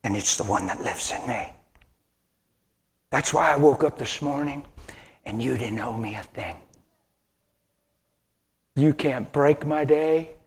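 A man in his sixties preaching a sermon, dropping to hushed near-whispers and then rising to emphatic lines, with folksy conversational asides. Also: mid-range voice, slow, long pauses. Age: 60s. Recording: long hall reverb.

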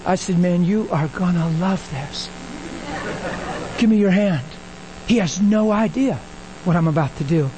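A man preaching a sermon, telling stories and acting out the dialogue with animated energy. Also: a little slow, long pauses, a little hiss or hum, poor audio. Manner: animated, acts out dialogue, rises in pitch when excited. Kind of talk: sermon with storytelling.

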